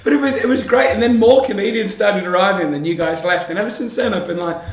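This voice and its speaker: A man's voice: sits high, quick pace. An Australian man hosting a podcast, chatting casually, swearing freely and telling stories. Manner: chatty, swears freely, acts out quoted voices. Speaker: podcast host. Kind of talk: casual chat, storytelling. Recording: echoey room.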